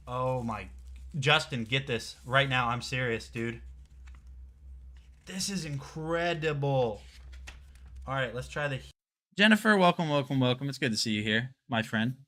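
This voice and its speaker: A young man hosting a live product showcase stream, chatting casually and excitably straight to his viewers. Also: medium pitch, a little slow, long pauses. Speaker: livestream product showcase host.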